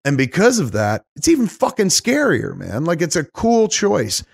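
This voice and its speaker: A middle-aged man hosting a podcast, talking in a rambling, animated way and swearing often. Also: on the high side, moderate pace, vocal fry, slightly rough, no echo, clean studio sound. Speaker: podcast host. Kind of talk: casual chat.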